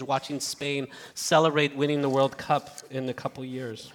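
A man preaching a sermon in a church, earnest and halting, swinging from loud appeals to hushed asides. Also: medium pitch, level tone. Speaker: pastor. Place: church sanctuary. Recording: reverberant church hall.

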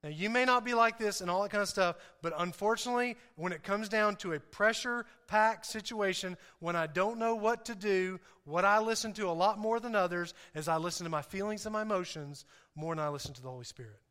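A pastor delivers a sermon in a very high voice that is smooth, resonant, and sharp, speaking a little fast. He tells a rambling story full of self-deprecating humor and frequent laughter, with sentences that stumble and repeat. A long reverb suggests a large hall.

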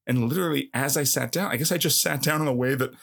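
A man in his fifties, a guest telling a funny story from his youth in a casual, animated, self-mocking way, filling his speech with "like" and "you know". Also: mid-range voice, fast, vocal fry. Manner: animated, self-mocking, heavy use of filler words.

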